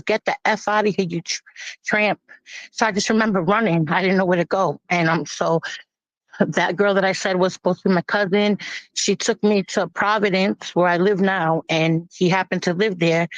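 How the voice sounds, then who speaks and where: Woman, mid-pitched voice, plain-spoken personal testimony, halting and grave, dry room. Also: no room sound. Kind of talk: personal testimony, casual storytelling. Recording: dull lo-fi, dry.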